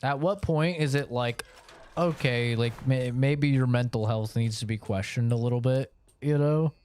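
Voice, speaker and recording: A man's voice: medium pitch, moderate pace, darkish tone, a little hiss or hum. A young man streaming a game, telling a rambling, profane story in a casual chat full of fillers. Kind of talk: casual storytelling while gaming.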